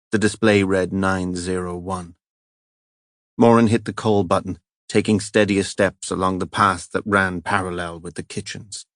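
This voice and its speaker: A man narrating a crime thriller audiobook in a measured, even storytelling manner. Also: deep voice, no echo, clean studio sound. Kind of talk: scripted narration.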